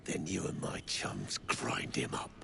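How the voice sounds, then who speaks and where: A gravelly, crude mercenary thug. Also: male voice, extremely low pitch, sing-song, a little slow, background noise, heavily acted. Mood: wheedling. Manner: coarse, threatening, slangy. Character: gruff greedy male mercenary thug.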